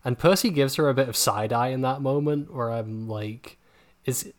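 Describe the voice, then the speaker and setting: A man co-hosting a podcast, talking in loose, casual chat. His voice sits at a middling pitch, and he laughs often. He rambles through restarts and swears without a second thought. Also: normal speed. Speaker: podcast co-host.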